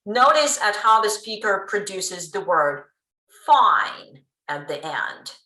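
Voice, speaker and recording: Lady lecturing, bright animated voice, lots of ums, roomy sound. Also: medium pitch, slow pace. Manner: explanatory, lively, with frequent um and uh. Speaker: linguistics lecturer. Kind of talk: pre-recorded academic lecture.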